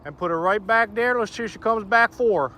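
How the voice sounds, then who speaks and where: A man's voice: sits high, a little fast, pushed and bright, slight background noise, pitched above the performer's own voice. A man putting on a folksy Southern US angler voice, drawling and hollering at the fish. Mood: excited drawl. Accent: Southern US (put on).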